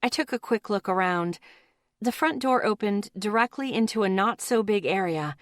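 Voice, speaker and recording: A woman's voice: mid-range voice, lively intonation, moderate pace, no echo, clean studio sound. Woman narrating a first-person audiobook.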